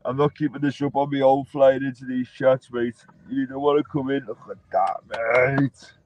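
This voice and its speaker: A man's voice: mid-range voice, fairly even intonation, moderate pace, darkish tone, a little hiss or hum, poor audio. A man hosting a livestream, chatting casually and bluntly, swearing and calling everyone lad. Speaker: livestream host.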